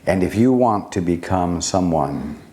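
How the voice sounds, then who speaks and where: A man with a low-pitched, warm, animated voice gives a spiritual teaching talk. He speaks deliberately, leaving long pauses and posing rhetorical questions.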